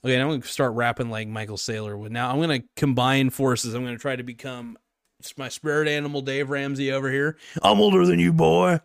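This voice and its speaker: A man's voice: medium pitch, steady tone, quick pace, a bit bright, clean tone, dry recording, clean studio sound. A young man hosting his own podcast, chatting casually in a rambling, jokey, self-mocking way. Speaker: podcast host. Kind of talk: casual solo podcast chat.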